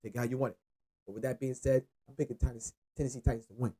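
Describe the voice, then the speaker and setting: Loose, profane sports-picks host. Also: male voice, mid-range voice, racing, slightly rough. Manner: loose, profane, rambling, lively. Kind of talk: casual sports picks monologue.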